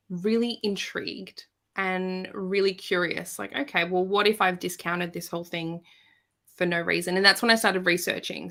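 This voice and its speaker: A woman guest on a podcast, telling a personal story in a casual, animated way and acting out the quoted voices. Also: on the low side.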